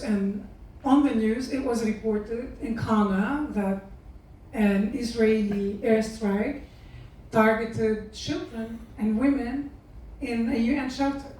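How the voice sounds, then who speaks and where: A woman's voice: a little high, darkish tone, slight background noise. A woman from Lebanon, a guest telling stories emphatically in a live interview. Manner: emphatic, opinionated storytelling. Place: event room at a peace center. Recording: echoey room, mic far off.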